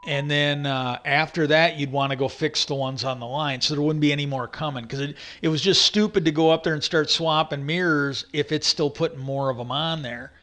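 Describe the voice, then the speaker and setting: A man's voice: on the high side, steady tone, a little fast, hardly any pauses, pushed and bright, faint music behind. A man telling a long work story in a casual, rambling monologue, swearing often and repeating "I go" as he retells what he said.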